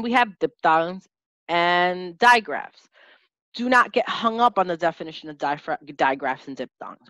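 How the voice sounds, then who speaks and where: A woman teaching a lesson, sounding out letters and syllables slowly and clearly as an instructor. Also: lowish voice, a bit bright, dry recording, lo-fi sound. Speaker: teacher and test-prep instructor.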